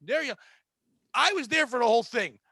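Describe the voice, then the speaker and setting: A man in his forties with a very high, bright voice rants through a comedy podcast story. His pitch swings widely as he curses, grumbles and builds to exasperated outbursts. The sound is close and dry. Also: expressive, fairly quick, gravelly, breathy edge, dry recording. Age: 40s. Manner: profane, ranting, exasperated storyteller. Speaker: podcast co-host.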